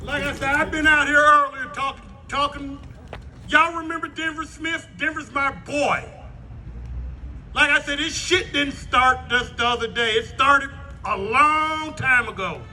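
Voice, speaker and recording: A man's voice: extremely high pitch, unhurried, pushed and bright, a little hiss or hum. A middle-aged man giving a fiery, profane protest speech at an outdoor rally, repeating his rallying lines. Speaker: rally speaker.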